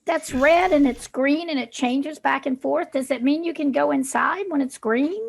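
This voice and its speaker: A woman's voice: high-pitched, normal speed, vocal fry. A woman playing a tabletop game, chatty and bubbly, rambling in character. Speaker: player.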